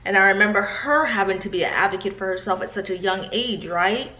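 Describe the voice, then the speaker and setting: A New York woman in her thirties vlogs to camera, telling personal stories in a candid, chatty manner and frequently addressing her viewers directly. Her medium-pitched voice is brisk, pushed, and bright, and the room is echoey.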